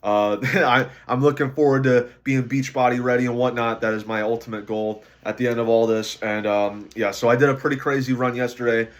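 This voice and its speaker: Tired man, low-energy vlog talk. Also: steady tone, brisk, hardly any pauses. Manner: low-energy, rambling with many fillers. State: tired, sleep-deprived. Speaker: weight-loss vlogger. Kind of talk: casual diary vlog.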